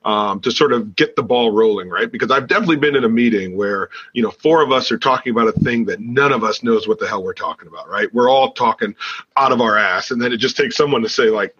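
A man hosting a casual panel chat, speaking haltingly and checking in with "right?" as he asks questions. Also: mid-range voice, a bit bright, breathy edge, no echo, muffled recording.

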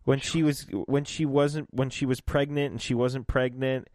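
A man co-hosting a casual podcast, recapping a show with lively asides and goofy voices for the characters. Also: mid-range voice, normal speed, no room sound, studio quality. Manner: animated, slips into goofy voices when retelling scenes. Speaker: podcast co-host. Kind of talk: casual chat recapping an episode.

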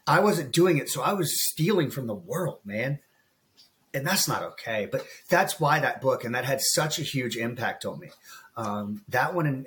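A man around forty, a guest coach on a podcast, telling a personal story in an earnest, emotional way and calling the host bro. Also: medium pitch. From United States. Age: about 40. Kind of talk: candid podcast interview.

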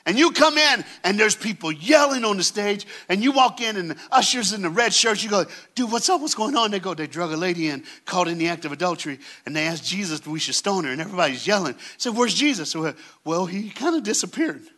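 A man's voice: sits high, animated, quick pace, few pauses. A man preaching as a guest speaker in a church, telling a story dramatically and calling on the congregation to answer back. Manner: dramatic storytelling, swings from hushed to shouting; call-and-response with the crowd. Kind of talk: sermon. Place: church stage.

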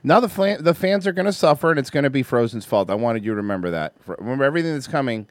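A man's voice: medium pitch, expressive, rapid-fire, dry recording. A man hosting a stream, chatting casually and making crude, joking remarks. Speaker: stream host. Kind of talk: casual chat.

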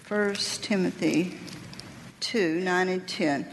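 Woman, Bible teacher, earnest testimony, halting delivery, faint background hiss, echoing hall. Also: fairly low pitch. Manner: earnest, reflective, halting with restarts. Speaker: women's workshop teacher. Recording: reverberant hall with faint noise.

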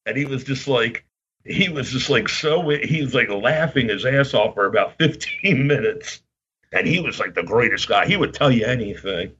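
A man's voice: medium pitch, animated, moderate pace, a bit bright, husky, muffled recording. A man in his fifties from Baltimore, telling long rambling stories in casual podcast chat. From Baltimore, Maryland. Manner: rambling anecdotes, acts out quoted voices.

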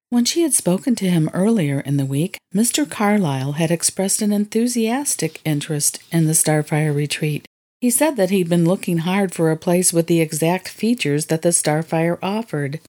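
A woman narrating a novel in a measured storytelling manner. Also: lowish voice, warm tone. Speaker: audiobook narrator. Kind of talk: scripted narration.

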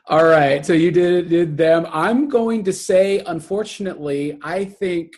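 A co-host chatting casually, relaxed and laughing often. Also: medium pitch, a little slow. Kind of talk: casual chat.

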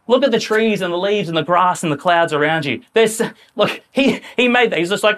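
A man preaching a sermon in a church, talking in a lively, conversational way and acting out quoted voices. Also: sits high, a little fast.

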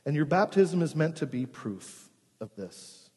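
A male pastor preaching a sermon, earnest, often dropping to a hushed, slow emphasis. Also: fairly high pitch, very animated, husky, big-room sound.

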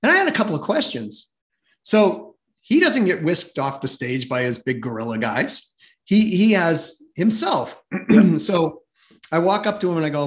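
A middle-aged man, a sales expert guest on a podcast, telling stories in a lively conversational way and acting out the voices of the people he quotes. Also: fairly high pitch, a little slow. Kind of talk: animated conversational storytelling.

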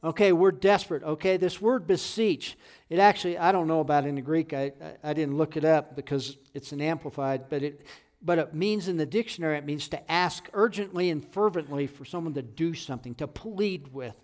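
A middle-aged man preaching a sermon, earnest and conversational, rising into loud fervent pleading when he quotes scripture. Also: on the high side, brisk. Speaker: pastor.

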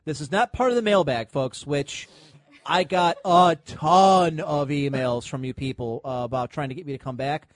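A man's voice: fairly high pitch, moderate pace, dry recording. A man hosting a podcast in casual chat. He swears freely, laughs often and trails off into fillers. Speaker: podcast host.

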